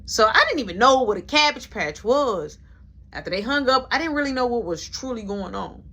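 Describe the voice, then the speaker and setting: A young man telling a personal story in a casual storytime, animated and acting out each voice he quotes. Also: extremely high pitch, brisk. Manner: animated, acts out every quoted voice.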